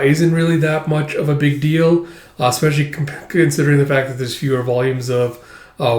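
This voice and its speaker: A man hosting a channel, walking through manga pages panel by panel in a casual, rambling read-through. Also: mid-range voice. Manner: shouts out character lines in a raised voice. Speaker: manga reviewer and channel host. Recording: echoey room.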